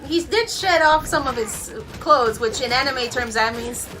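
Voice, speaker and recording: A woman hosting a reaction video, cheering, swearing and shouting at the screen in excited casual commentary. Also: high voice, measured pace, a little hiss or hum.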